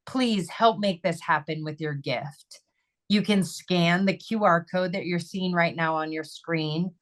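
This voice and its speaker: Upbeat woman hosting a webinar, low voice. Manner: upbeat and conversational. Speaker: webinar host. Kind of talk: closing announcements and donation appeal. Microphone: video call.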